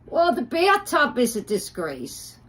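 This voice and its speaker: Slow-talking, swearing, indignant woman. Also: high voice, huge pitch swings, fairly bright tone. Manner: profane, indignant, halting with many fillers. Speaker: livestreamer. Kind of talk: ranting livestream monologue.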